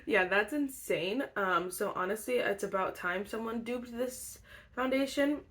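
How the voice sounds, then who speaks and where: A woman's voice: on the high side, a little slow, a bit bright, slight background noise. A young woman chatting casually as a beauty vlogger, bubbly and full of fillers, sounding a bit stuffy and congested. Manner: bubbly, chatty, filler-heavy with frequent laughs. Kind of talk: casual chat.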